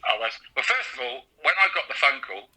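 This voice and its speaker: A man's voice: medium pitch, expressive, a little fast, sharp tone, husky, low-quality recording. Chatty man with a lisp. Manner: chatty, laughing storyteller, British slang. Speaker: guest, comedian and radio presenter. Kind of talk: casual interview chat.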